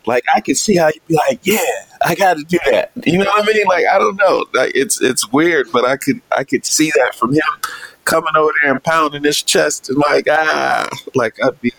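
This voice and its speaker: A man talking casually as a sports reporter guest on a podcast, relaxed, with fillers and laughs. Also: on the high side, brisk, no room sound.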